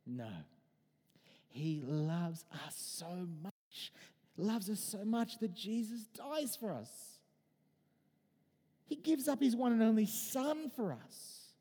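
A man in his thirties preaching in a chatty, animated way, his mellow voice swinging widely in pitch. He talks from a church, and his words hang in a long reverb. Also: takes it slowly, pauses often, slightly rough. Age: 30s. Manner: animated, conversational preaching with personal anecdotes. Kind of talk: sermon.

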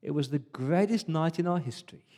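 A man preaching as an Israelite firstborn boy, telling the Passover night story in the first person, hushed in its dark moments. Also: on the high side, fairly quick, natural voice. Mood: exultant. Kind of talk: first-person dramatic monologue in a sermon.

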